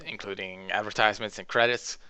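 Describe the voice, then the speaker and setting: A man's voice: fairly low pitch, steady tone, a little fast, crowd noise. A young French Canadian man, a native French speaker with a self-made mixed accent, rambling through chatty, digressive gaming commentary with careful enunciation. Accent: self-made mixed accent over a French Canadian base. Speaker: gaming channel host. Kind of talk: rambling let's-play commentary.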